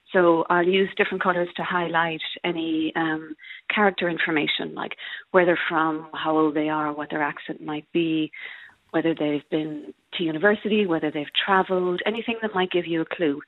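Audiobook narrator lady on a phone line, lowish voice, chatty and laughing a lot. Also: no room sound. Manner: chatty, lively, laughs easily. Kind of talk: interview guest over a remote line. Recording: tinny phone-like line, dry.

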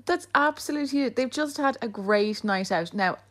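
A woman guest on a radio show, telling pop-culture gossip in an animated, casual way with many fillers. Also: fairly high pitch, normal speed. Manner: animated storyteller, lots of fillers.

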